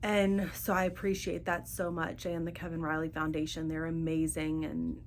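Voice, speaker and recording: A middle-aged woman hosting a podcast, talking earnestly and haltingly about grief and faith, often searching for her words. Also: sits low, little pitch movement, slight background noise. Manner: speaks openly of grief and faith. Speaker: podcast host. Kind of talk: personal monologue.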